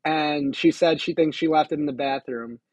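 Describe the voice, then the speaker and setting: A man co-hosting a podcast, telling a story in a casual, animated, self-deprecating way. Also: on the high side, moderate pace, no room sound. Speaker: podcast co-host.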